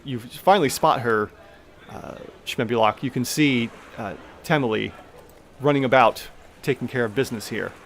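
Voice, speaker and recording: A man's voice: medium pitch, slight background noise. A man narrating as game master, loose and rambling with many fillers.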